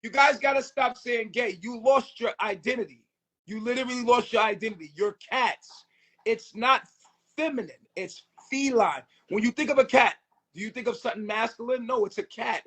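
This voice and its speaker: A man with a very high, bright, husky voice rants in a crude live chat. He talks loud and erratic, jumps into sudden shouts, and swears constantly. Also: moderate pace. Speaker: streamer.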